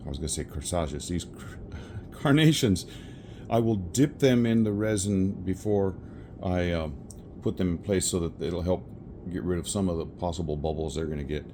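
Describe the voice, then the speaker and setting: A resin crafter narrates his pour in a home workspace, filmed on a tripod, speaking low and dark at a normal speed with long pauses. His talk is rambling and casual, full of self-corrections and laughs at his slips, over slight background noise.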